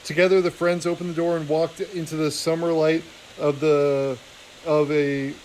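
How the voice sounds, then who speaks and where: A man's voice: a little high, little pitch movement, moderate pace, darkish tone, a little hiss or hum, rough recording. A man reading a novel aloud in an unpolished way, often restarting and correcting himself. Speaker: reader.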